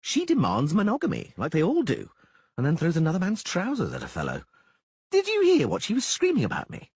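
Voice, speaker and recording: A man's voice: high-pitched, wildly swooping pitch, fairly quick, darkish tone, husky, dry recording, voice pushed up, full character voice. A man doing a flamboyant, theatrical bard. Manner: theatrical, exclaiming. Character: flamboyant vain young male bard. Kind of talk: audiobook character voice.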